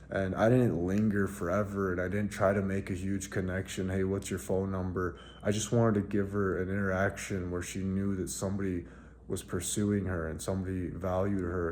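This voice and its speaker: Low, dark-voiced rambling man. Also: slight background noise. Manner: rambling, filler-heavy with frequent "like". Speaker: vlogger. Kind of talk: casual storytelling monologue.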